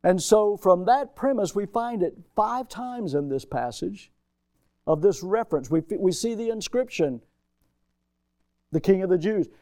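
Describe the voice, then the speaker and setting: A man preaching a sermon as pastor, emphatic, swinging between loud and soft, and calling out to his congregation. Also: sits high, expressive, measured pace, no room sound. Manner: calls out to the congregation.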